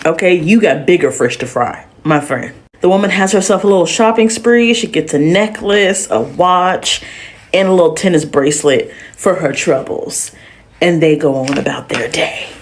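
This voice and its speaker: Brief: woman, casual storytime delivery, animated and sassy, slang-heavy. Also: on the low side, normal speed.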